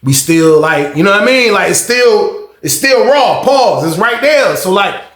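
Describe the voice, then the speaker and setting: A man telling a story in a casual monologue, slangy and animated, often checking in with his listeners. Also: sits high, unhurried, reverberant. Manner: slangy, animated, repeats "you know what I mean".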